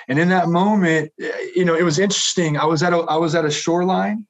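A middle-aged man telling his personal faith testimony in an earnest, halting way, with many restarts. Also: fairly high pitch. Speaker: guest sharing testimony.

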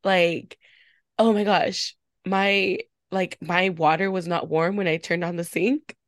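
A woman's voice: on the low side, steady tone, takes it slowly, dry recording, studio quality. A woman co-hosting a casual podcast, talking openly and swearing with lots of "like". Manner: chatty, confessional, swearing, full of "like". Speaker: podcast co-host. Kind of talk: casual chat.

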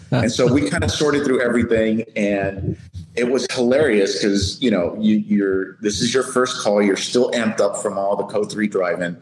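Middle-aged sergeant telling a war story. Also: male voice, fairly low pitch, normal speed, roomy sound, a little hiss or hum, poor audio. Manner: lively, laughing anecdote teller. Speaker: police sergeant, podcast guest. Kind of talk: animated storytelling.

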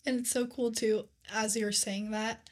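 A young woman co-hosting a faith podcast, telling scripture stories in an earnest, animated casual way with lots of "like.". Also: fairly high pitch, a little slow. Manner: earnest, animated storytelling with many "like"s. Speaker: podcast co-host.

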